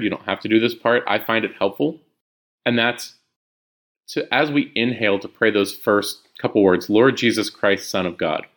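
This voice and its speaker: A man hosting a podcast, explaining a prayer practice in a relaxed, conversational teaching style with frequent fillers and restarts. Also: fairly low pitch. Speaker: podcast host.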